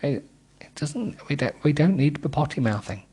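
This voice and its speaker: A man's voice: a little high, big pitch swings, normal speed, dark tone, breathy edge. A middle-aged man reading a book aloud with comic asides, giggling and stumbling over words.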